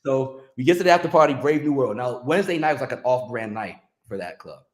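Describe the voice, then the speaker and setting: A man telling a story in casual chat, animated and acting out other people's lines. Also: medium pitch, fast. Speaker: podcast guest, music industry veteran. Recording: roomy echo.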